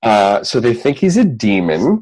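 A man's voice: medium pitch, big pitch swings, moderate pace, crowd noise, poor audio. A man casually recapping a film's plot in a chatty, joking way, rambling and laughing often. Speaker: podcast co-host recapping a film. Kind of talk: casual chat.

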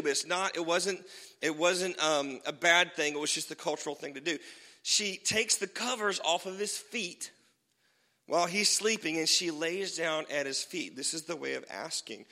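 A male pastor preaching a sermon, retelling scripture in an animated way that swings from loud to hushed. His voice is fairly high for a man and bright and forceful. The sound rings with the long reverb of a church hall.

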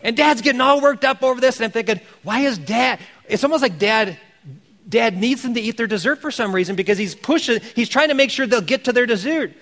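A man's voice: very high-pitched, quick pace, a bit bright, long reverb tail. A man preaching a sermon, earnest and exhorting, often repeating phrases for emphasis.

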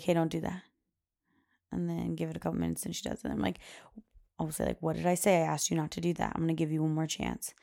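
A young woman talks through motherhood on her podcast in a loose, rambling way, full of fillers and quick laughs. Her voice sits low, with a mellow, dark tone and a steady gravelly fry. She sounds unscripted and conversational. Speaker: podcast host. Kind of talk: casual chat.

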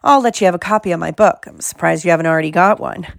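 A woman voicing a vain, pompous man who is a teacher, talking loudly, in an audiobook reading. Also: fairly low pitch, quick pace, gravelly, no room sound, studio quality. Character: vain showy adult male teacher, pompous.

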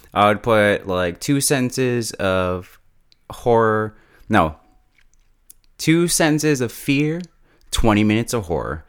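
A man casually recapping a TV episode beat by beat, chatty and quick to joke and laugh. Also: lowish voice, lively intonation, clean tone. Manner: chatty, laughs often, quips. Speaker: show reviewer.

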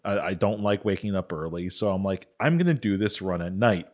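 Man, podcast co-host, rambling chatty storytelling, lowish voice. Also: a little fast, a little mellow. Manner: chatty, rambling, many "you know" fillers. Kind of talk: casual chat.

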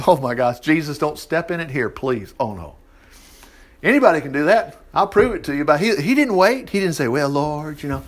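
A man preaching in a folksy way, reading scripture aloud and breaking off into joking asides. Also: a little high. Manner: folksy, animated, reads scripture then riffs with jokes and laughs. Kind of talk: conversational Bible teaching with asides.

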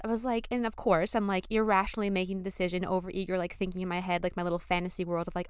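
A young woman hosting a podcast, telling a personal story in a chatty, animated way with lots of fillers. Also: fairly low pitch, rapid-fire, few pauses, clear, resonant tone, no room sound, studio quality. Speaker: podcast host. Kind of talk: casual storytelling monologue.

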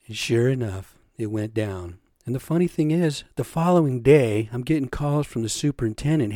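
A man's voice: mid-range voice, a little fast, a little mellow, no room sound, studio quality. A middle-aged man hosting a podcast, delivering a blunt, heated, profane rant and acting out the people he quotes. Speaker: podcast host. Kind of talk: angry ranting monologue.

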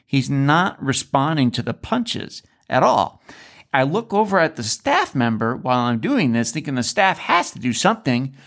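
A man's voice: mid-range voice, normal speed, creaky. A man co-hosting a podcast from Alaska, telling a personal story in casual chat and acting out what people said. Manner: animated storyteller, acts out quoted lines. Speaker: podcast co-host.

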